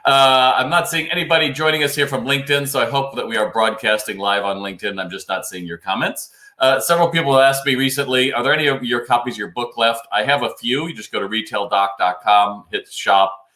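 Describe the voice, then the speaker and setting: A man's voice: mid-range voice, fairly even intonation, a little fast, hardly any pauses, bright, forceful tone, echoey room. A man hosting a live stream, reading out viewer questions and giving business advice in a chatty, casual way. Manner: chatty and advisory, reads out viewer comments. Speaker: host of a live retail Q&A stream. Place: home studio, New York.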